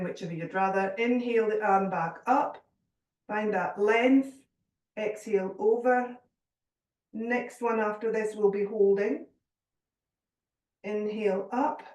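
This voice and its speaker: A woman guiding a yoga class, giving calm, gentle cues with a little humour. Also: medium pitch, recorded from a distance. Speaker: yoga teacher. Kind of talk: guided yoga class instruction. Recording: echoey room, voice from off mic.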